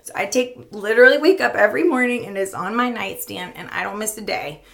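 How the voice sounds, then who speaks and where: A woman's voice: mid-range voice, a little fast, vocal fry. A middle-aged woman speaking candidly in a personal vlog, rambling and laughing often, tearful at times. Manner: rambling, laughing often, losing her thread. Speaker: vlogger.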